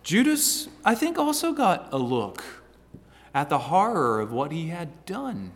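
A man preaching a sermon, earnest, with stammering restarts and swings between loud and hushed passages. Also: fairly high pitch, wildly swooping pitch, a little slow, in a large hall.

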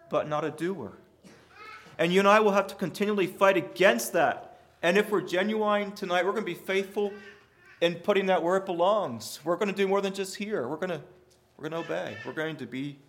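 A male pastor delivers an earnest sermon, his voice sitting a little higher than most men's. He drives points home by repeating phrases, rising to forceful emphasis and then dropping almost to a murmur. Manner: earnest preaching with sudden rises and quiet drops.

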